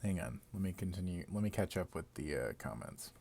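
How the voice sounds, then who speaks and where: A man with a fairly low voice, talking live on a stream. He rambles through a long theory in a loose, casual way, loses his place now and then, and swears and laughs at himself. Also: animated, fairly quick, vocal fry, darkish tone, slight background noise.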